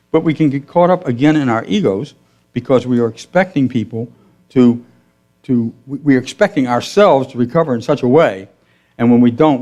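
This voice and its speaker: A middle-aged male minister giving a gentle, conversational sermon in a church, telling stories with quoted dialogue and asking his listeners questions. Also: mid-range voice. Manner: conversational, asks the congregation questions. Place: church sanctuary.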